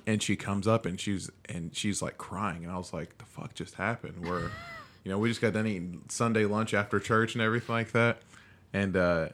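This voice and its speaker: A man in his thirties with a lowish pitch and a bright, forward tone hosts a podcast in casual conversation. He talks loosely, leaning on filler phrases. His stories come out relaxed and chatty. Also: normal speed, a little hiss or hum. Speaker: podcast host. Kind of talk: casual chat.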